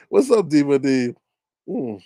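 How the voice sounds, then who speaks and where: A young man hosting a casual commentary stream, ranting loudly and mockingly to his live chat, swearing often. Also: no room sound. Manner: loud, profane, mocking rant with big pitch swings. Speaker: commentary show host.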